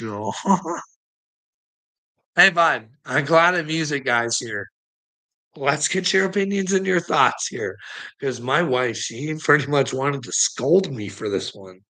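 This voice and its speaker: A man's voice: mid-range voice, sharp tone, poor audio. A man rambling casually to his livestream chat, swearing a lot and chuckling often between phrases. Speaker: livestream host talking to chat.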